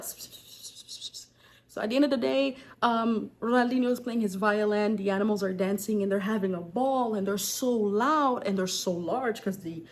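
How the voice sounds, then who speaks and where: A woman with an accent telling folktales in a casual, chatty way, breaking off for jokes and asides. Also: mid-range voice. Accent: non-native English accent. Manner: chatty, digressive, joking. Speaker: folktale storyteller.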